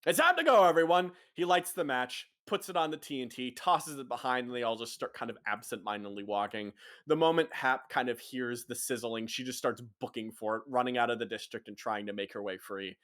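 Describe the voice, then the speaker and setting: A man's voice: medium pitch, fairly quick, fairly bright tone. A man narrating as game master of a tabletop roleplay, in a casual and loose way. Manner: casual, loose narration full of kinda and sorta.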